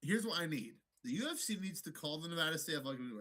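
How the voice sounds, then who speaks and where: Bright, lively-voiced man talking sports. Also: fairly high pitch, racing, hardly any pauses. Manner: animated and profane, slips into mock voices. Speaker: podcast co-host. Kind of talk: casual sports banter.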